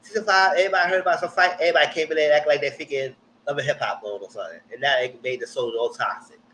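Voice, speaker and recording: Man, live-stream TV recapper, casual and opinionated, a touch high-voiced, with a faint background hiss. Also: very fast, low-quality recording. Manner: animated, jumps high when quoting people; blunt, slangy, opinionated.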